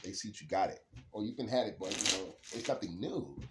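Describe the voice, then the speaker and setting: A man giving a casual, rambling tarot card reading, laughing often and swinging between low mutters and loud bursts. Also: animated, fast talker, heavy background noise.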